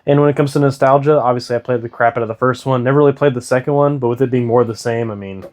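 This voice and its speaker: A man co-hosting a casual video game discussion, adding quick, opinionated comments. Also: medium pitch, steady tone, a little mellow. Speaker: co-host.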